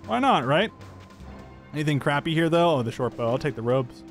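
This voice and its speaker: A man's voice: fairly high pitch, very animated, brisk, soft background music. Upbeat, chatty man narrating gameplay. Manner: upbeat, chatty, thinking aloud. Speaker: gameplay commentator. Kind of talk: let's play commentary.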